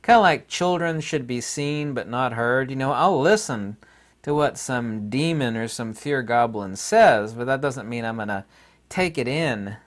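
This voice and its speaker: A man talking casually to camera in his vlog, sarcastic and rambling, often laughing at his own remarks. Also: medium pitch. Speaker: YouTube vlogger.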